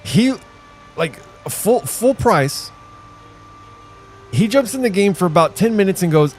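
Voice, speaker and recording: A high-pitched middle-aged man comments on a video game he's streaming live, speaking a little slowly with frequent pauses. Faint music plays behind his casual, profane, rambling and animated storytelling.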